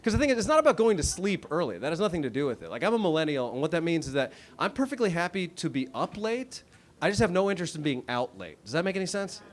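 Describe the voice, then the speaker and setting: A man's voice: on the high side, very animated, fast, slight background noise. A man in his thirties performing a stand-up set on a comedy club stage, with a wry, self-deprecating, conversational delivery. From United States. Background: audience laughter.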